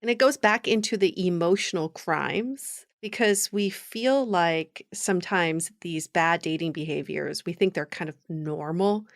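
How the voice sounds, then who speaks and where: A woman's voice: on the low side, a little slow, hardly any pauses, no room sound, clean studio sound. A woman co-hosting a podcast who gives blunt, emphatic views in a casual chat. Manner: emphatic, opinionated commentary. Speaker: podcast co-host.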